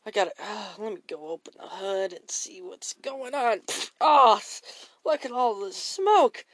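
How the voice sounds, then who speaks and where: A woman's voice: medium pitch, lively intonation, unhurried, no room sound. A woman voicing George, a frazzled everyday man who sighs and mutters to himself in a homemade audio story. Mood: grumbling. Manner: grumbling, sighing, muttering to himself.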